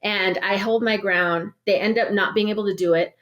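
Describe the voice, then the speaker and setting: A woman organizer from the Navajo Nation telling a personal story as a podcast guest. Her voice sits at an ordinary middle pitch. She talks in a loose, animated way, packed with "like"s and self-corrections. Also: normal speed. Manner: heavy use of "like" and restarts, animated storytelling. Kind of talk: casual spoken recounting of an experience.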